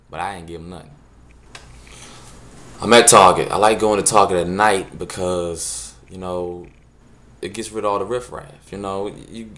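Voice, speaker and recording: A man telling funny everyday stories to the camera in a loose, casual way, jumping into voices to act out the scenes. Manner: animated, jumps into high voices when acting out scenes; loose casual speech, drops words. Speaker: vlogger. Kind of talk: casual storytelling monologue.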